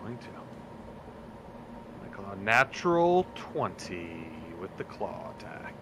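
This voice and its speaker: A laid-back man playing a tabletop game who talks loosely and fills his sentences with "like". His voice sits on the low side. A clear background hum runs under his voice. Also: sing-song, slow pace. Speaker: player. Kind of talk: casual tabletop game play.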